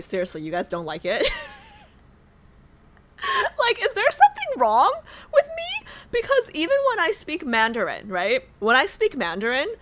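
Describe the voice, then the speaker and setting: A young woman streamer from New York talks to her chat in a high, bright voice that leaps up and down with lively swings. She rambles, restarts her sentences and breaks into laughter easily, keeping the whole thing loose and playful. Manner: animated, chatty, laughs often, rambles with restarts. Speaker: livestreamer. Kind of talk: casual livestream chat.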